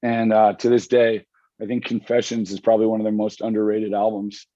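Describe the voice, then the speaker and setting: A man's voice: on the low side, little pitch movement, brisk, mellow, muffled recording. A man as an interview guest, talking casually from home and rambling enthusiastically with frequent restarts. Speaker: magazine editor guest. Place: home with dog and wife nearby.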